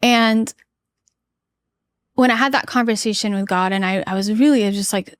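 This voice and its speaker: Here a podcast guest, a woman in her thirties, speaks in a mid-range voice at a moderate pace with a clean tone and no echo. Candid and earnest, she shares a personal story and performs the lines people said, among them her own.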